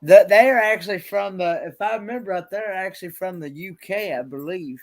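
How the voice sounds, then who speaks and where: A man with a voice that sits high chats on a casual live stream. He speaks haltingly, repeating words and restarting, as he earnestly explains the details.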